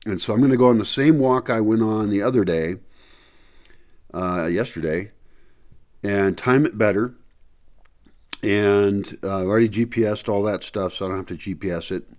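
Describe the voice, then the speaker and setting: Before dawn in a house, a vlogger speaks casually to his camera at normal speed, rambling and thinking out loud with many fillers and long pauses. His voice is fairly low and darkish in tone, and a candy slightly muffles it.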